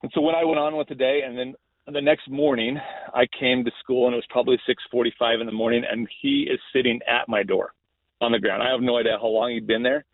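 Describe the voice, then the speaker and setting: A man's voice: medium pitch, little pitch movement, quick pace, no echo. Man, middle-aged, school principal, earnest storyteller, restarts phrases, phone-line sound. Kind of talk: casual storytelling in a podcast interview.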